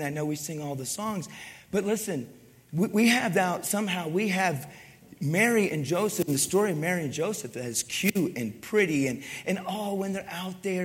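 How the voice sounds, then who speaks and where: A pastor delivering a lively sermon, with a high-pitched voice. He talks in a conversational way, acting out the voices of the people in his story and asking the crowd for agreement. His voice rings with the long reverb of a large hall. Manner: animated, conversational, acts out voices.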